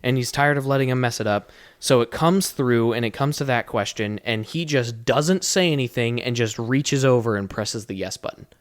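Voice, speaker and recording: A man's voice: mid-range voice, moderate pace, hardly any pauses, no room sound, clean studio sound. Profane young man telling a story. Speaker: podcast co-host. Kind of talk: casual storytelling chat.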